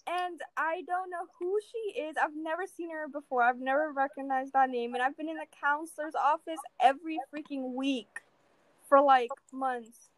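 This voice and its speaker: High-voiced teen girl ranting. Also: moderate pace, no room sound, poor audio. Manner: animated ranting, lots of fillers. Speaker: student. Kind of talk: casual chat.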